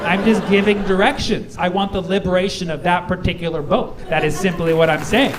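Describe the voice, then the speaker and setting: A male stand-up comedian performing an animated set, jumping into exaggerated voices for his bits. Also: high voice, a little fast. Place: live comedy venue with audience. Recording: live room with crowd and noise. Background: audience laughter.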